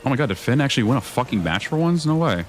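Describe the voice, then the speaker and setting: Very animated and racing, a young man with a mid-range voice comments casually on the video game he's streaming, with faint music in the background. He talks to his viewers, swears often, and rambles between thoughts.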